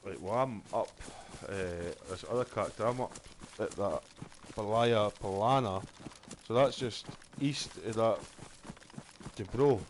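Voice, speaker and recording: Scottish male streamer, low-pitched, loose and profane storyteller. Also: a little slow, slight background noise. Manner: sweary, rambling storyteller. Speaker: game streamer. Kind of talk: casual chat while gaming.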